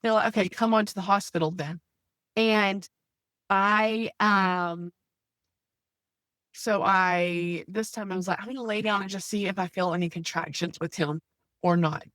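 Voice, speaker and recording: With a medium-pitched, fairly bright voice, she speaks in a steady tone at a measured pace, recorded cleanly in a studio without room sound. She's an American woman in her thirties telling her faith-centered story on a podcast, earnest and full of "like" and "you know."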